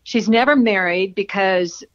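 Woman author guest, mid pitch, chatty and friendly, laughs easily. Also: measured pace, dull audio. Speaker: romance novelist guest. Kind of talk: casual interview answers.

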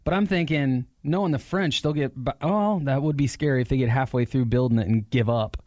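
A man co-hosting a radio show, joking through the news in casual banter and reading stories with deadpan asides. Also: medium pitch, a little fast, no room sound, clean studio sound.

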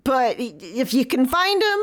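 A woman's voice: sits high, very animated, unhurried, fairly bright tone, full character voice. A woman playing an eccentric, rambling sheep farmer in a put-on pirate-like English accent, improvising a comedy sketch. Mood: folksy. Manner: rambling, folksy, trailing off mid-sentence.

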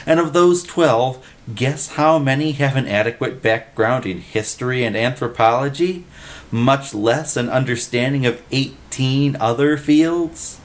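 A man's voice: mid-range voice, unhurried, voice pushed up, lightly acted. A man voicing an exasperated male official in a storybook reading. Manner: exasperated, emphatic.

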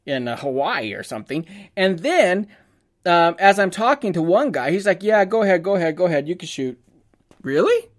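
A man, a photographer, telling a casual anecdote, acting out the dialogue and laughing often as he goes. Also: on the high side.

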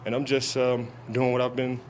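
In a monotone, mid-range voice, a young adult football player gives press conference answers at an outdoor camp. He keeps stopping and restarting with fillers, and a little hiss or hum can be heard.

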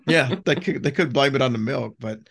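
A man's voice: mid-range voice, brisk, gravelly, fairly bright tone, husky. A man co-hosting a podcast in an easygoing, rambling casual chat. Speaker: podcast co-host.

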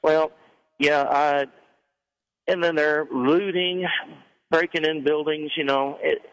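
A man's voice: a little high, fairly even intonation, slow, fairly bright tone, clean tone, lo-fi sound. A man calling a talk radio show from his vehicle, plainspoken and indignant. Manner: plainspoken, indignant, tells a joke. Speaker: caller.

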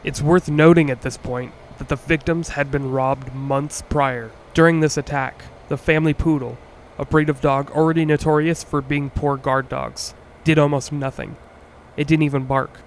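A man narrates a true-crime story in a measured, earnest way and now and then adds a wry aside of his own. His voice sits a little higher than most men's. A faint hiss runs under the recording. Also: steady tone. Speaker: podcast host.

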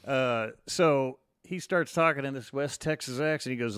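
Relaxed man telling long anecdotes. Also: mid-range voice, fairly quick, creaky, few pauses, no echo, studio quality. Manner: relaxed, rambling anecdotes with quoted voices. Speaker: guest. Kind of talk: casual interview storytelling.

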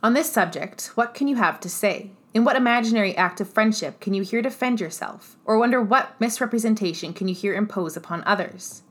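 A spirited young lady, indignant and sharp-tongued, pressing her words with force, as read by a woman narrator. Her pitch sits in the middle range, close to the reader's own voice. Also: expressive, a little fast, hardly any pauses, close to an everyday voice. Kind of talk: audiobook character voice.

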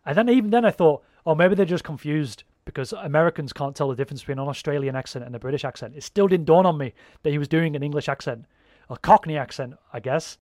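Casual co-host, male, rambling and sweary, higher-pitched, dry close sound. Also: fast, hardly any pauses, no echo. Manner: rambling, swears freely, animated. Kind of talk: casual chat.

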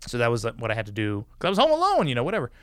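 Rambling man with a smooth, dry voice. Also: mid-range voice, huge pitch swings, very fast, fairly bright tone, no room sound. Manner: storytelling, frequent fillers like "like" and "you know". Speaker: guest. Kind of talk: casual podcast conversation.

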